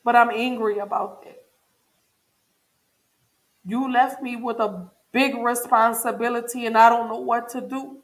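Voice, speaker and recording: A woman with a slightly higher voice speaks to her viewers in a raw, earnest personal check-in. She is grieving and emotionally open, and she circles back to the same phrases for emphasis. The talk sounds like unscripted personal confession. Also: flat delivery, unhurried, long pauses. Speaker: vlogger.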